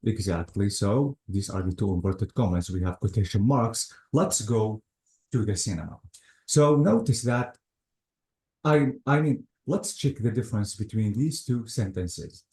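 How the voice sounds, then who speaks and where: A man's voice: fairly low pitch, animated, unhurried, dark tone. A man teaching English grammar in a methodical classroom style, walking through examples step by step and leaning on words like "notice" and "absolutely". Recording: echoey room.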